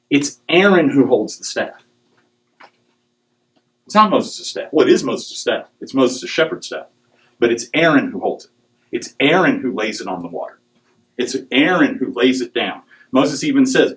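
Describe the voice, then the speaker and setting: A middle-aged man giving a humorous talk to a live audience, animated and joking, with digressions and acted quotes. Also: medium pitch, moderate pace, rough recording. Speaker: speaker on dowsing.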